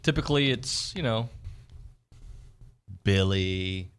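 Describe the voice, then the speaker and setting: A man's voice: fairly low pitch, animated, slow pace, a bit bright, smooth, soft background music. A man hosting a sports radio show in a studio, chatting casually and self-deprecatingly with plenty of restarts. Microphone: studio microphone.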